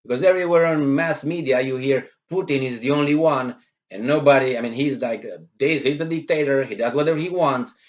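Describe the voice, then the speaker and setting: A man commenting on a news article, arguing with rhetorical questions and sarcastic asides, with frequent hesitations and pitch that jumps on emphatic words. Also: fairly quick. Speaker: political commentator.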